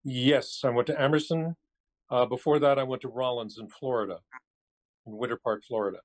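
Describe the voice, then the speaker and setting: Fairly quick and steady in tone, an older actor's medium-pitched voice carries over a cell phone as he guests on a podcast. He looks back on his career in a wry, reflective, easygoing interview chat.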